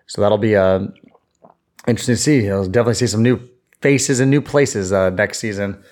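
A man's voice: on the low side, a little fast, darkish tone. A man co-hosting a sports podcast in casual chat, rambling with lots of fillers. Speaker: podcast co-host.

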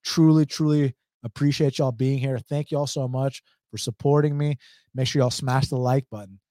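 Male streamer with an Atlanta accent, warm low-key tone, dry close sound, blunt casual delivery. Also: steady tone, normal speed, dry recording. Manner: blunt, slangy, laughs often. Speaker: MMA betting livestream host. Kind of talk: casual livestream chat reading viewer comments.

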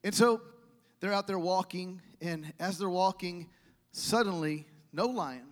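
High-voiced pastor preaching in a reverberant hall. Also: male voice, a little slow. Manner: animated storytelling with asides to the congregation. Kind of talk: sermon. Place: church sanctuary. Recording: long church hall reverb.

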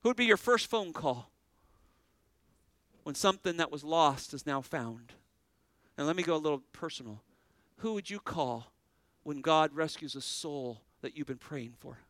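Bright, high-voiced male preacher. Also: expressive, moderate pace, no echo, rough recording. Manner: earnest, asks the congregation questions. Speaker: pastor. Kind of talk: sermon.

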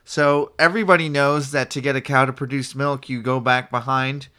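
A man's voice: medium pitch, fairly even intonation, normal speed, sharp tone, clear, resonant tone. A man co-hosting a podcast in casual chat, explaining things and dropping wry quips.

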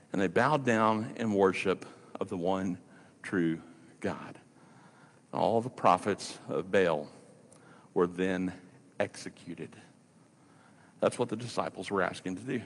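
A male pastor preaching a sermon, telling a story in a lively way with playful, mocking asides. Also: low-pitched, slow pace, long pauses, in a large hall.

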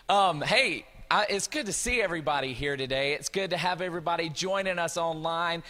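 A man's voice: on the high side, a little fast, few pauses, pushed and bright. A man, a pastor joking with the congregation and telling a family story during church announcements. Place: large church hall. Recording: reverberant church hall with music.

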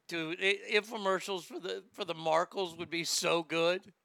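A man's voice: high-pitched, measured pace, creaky, few pauses, sharp tone, dry recording, studio quality. A man hosting a comedic rant, profane, mocking and rambling.

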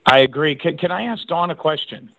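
A man's voice: on the high side, lively intonation, a little fast, gravelly, pushed and bright, no echo. A man calling in to a podcast, effusive and stammering. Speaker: caller. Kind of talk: phone-in call. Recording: tinny phone line.

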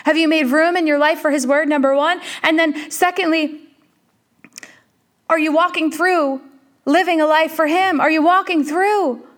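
A woman delivers a heartfelt sermon in a high, light voice. She speaks earnestly and directly, circling back to repeat her key phrases. She addresses the listener as a friend. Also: fairly even intonation, moderate pace. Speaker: preacher.

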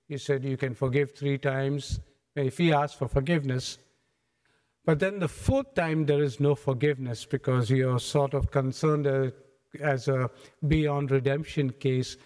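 A man preaching a sermon in a church, retelling scripture as a lively story and acting out its scenes. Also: medium pitch, a little slow. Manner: animated storytelling, acts out scenes. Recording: echoey hall.

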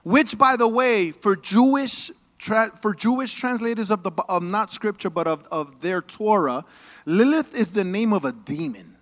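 High-voiced animated male preacher. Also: moderate pace. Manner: animated, call-and-response with the congregation; casual, joking asides. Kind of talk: sermon. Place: church.

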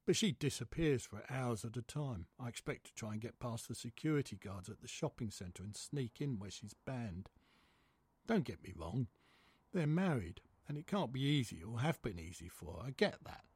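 A man's voice: medium pitch, animated, moderate pace, darkish tone, husky, no echo. A man reading a first-person story aloud in a wry, gossipy, sardonic way. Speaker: audiobook narrator. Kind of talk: first-person scripted narration.

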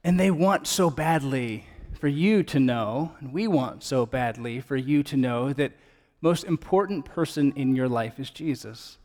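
A man's voice: mid-range voice, unhurried, a little mellow, big-room sound. A man preaching an earnest, conversational sermon as pastor and building to emphatic points.

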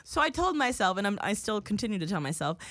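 A woman's voice: mid-range voice, quick pace, no echo. Young female podcast host; casual, profane raconteur; dry, close studio mic. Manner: profane, animated storyteller who acts out dialogue.

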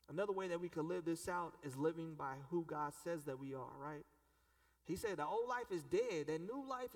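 A male pastor preaching a sermon in a casual, conversational way, asking the congregation questions and using everyday slang. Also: a little high. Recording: echoey hall, voice from a distance.

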